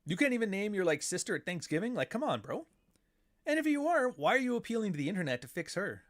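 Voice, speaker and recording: A man's voice: high voice, big pitch swings, quick pace. A man hosting a podcast, ranting in a casual, profane and sarcastic way. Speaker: podcast host. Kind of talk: casual livestream rant.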